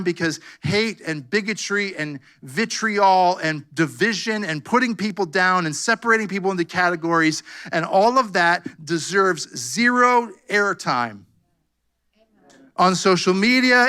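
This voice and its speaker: A man's voice: high-pitched, measured pace, pushed and bright, clear, resonant tone. A man pastor preaching a fervent sermon, calling out "come on" and "amen" to his congregation. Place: church sanctuary.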